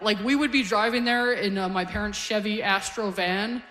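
A woman's voice: medium pitch, fairly even intonation, normal speed, a bit bright. A woman in her forties from Canada performs a stand-up set into a handheld mic on a comedy stage. She talks in a loose, conversational way and lands self-deprecating punchlines. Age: 40s. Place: comedy stage with a live audience.

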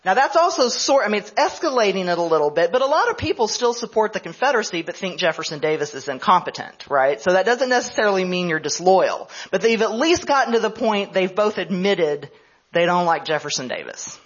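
A woman's voice: medium pitch, lively intonation, a little fast, slightly rough, dull audio. A woman history professor giving a conference lecture, telling a story in a conversational way.

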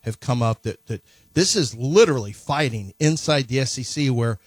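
A man's voice: mid-range voice, a little fast, no echo, clean studio sound. A man co-hosting sports radio, rambling and interrupting himself with incredulous asides. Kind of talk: casual sports talk.

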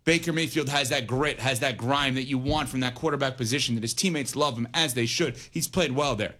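A man's voice: mid-range voice, a little fast, sharp tone. A man hosting a sports talk radio show, arguing his points emphatically and weighing both sides.

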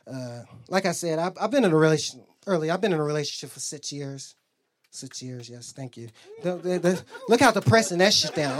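A male comedian working a club stage with loose, rambling stories. His pitch swings widely as he jumps between his own voice and the people he quotes. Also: animated, a little fast. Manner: loose storytelling, acts out both sides of arguments. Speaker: stand-up comedian. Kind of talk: stand-up set.

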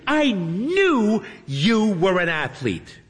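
Man doing a high sing-song young witch streamer. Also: sing-song, drawn-out words, long reverb tail, full character voice. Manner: bright sing-song coaxing. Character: cheerful young female wizard livestreamer.

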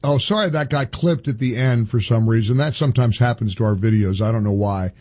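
A man's voice: medium pitch, a little fast, a little mellow, no room sound. A man hosting a talk radio show in a studio, delivering an indignant, emphatic monologue full of restarts.

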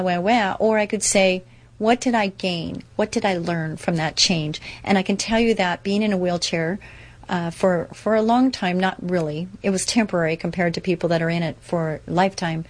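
A woman sharing a personal recovery story in a casual, earnest, upbeat way, full of fillers and restarts. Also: medium pitch.

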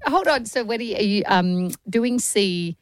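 A woman's voice: mid-range voice, lively intonation, measured pace, no echo, studio quality. A woman co-hosting a radio show, teasing her colleague with probing questions in casual banter. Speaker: radio host.

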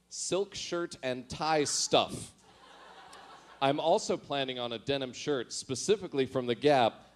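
A man's voice: mid-range voice, a little hiss or hum. Self-mocking man reading his old diary. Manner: self-mocking, laughs at his own writing. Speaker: storyteller.

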